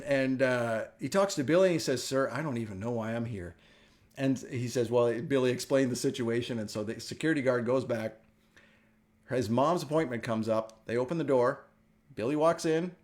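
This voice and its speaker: A middle-aged man from the United States hosting a casual wellness talk, telling stories with animated energy and frequent laughter. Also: medium pitch, normal speed. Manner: animated storytelling, laughs often. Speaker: wellness show host. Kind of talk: casual chat.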